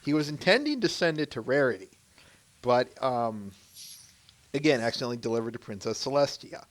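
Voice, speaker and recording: A man's voice: mid-range voice, expressive, brisk. A man hosting a casual podcast, recapping things in a rambling way with many restarts. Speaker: podcast host.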